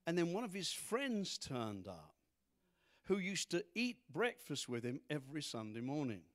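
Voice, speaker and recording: A man's voice: on the high side, very animated, normal speed. A man preaching a sermon as pastor to a congregation, full of rhetorical questions. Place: church congregation.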